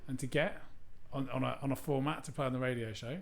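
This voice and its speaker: A man's voice: mid-range voice, steady tone, fast, vocal fry. A man from Cornwall hosting a live community radio show from a skate shop, chatting casually in a jokey, self-deprecating way.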